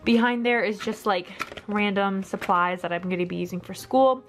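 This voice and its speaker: A woman's voice: mid-range voice, moderate pace, slight background noise. A young woman chatting casually to camera in a home vlog, rambling with lots of fillers. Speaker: vlogger. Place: bedroom at home.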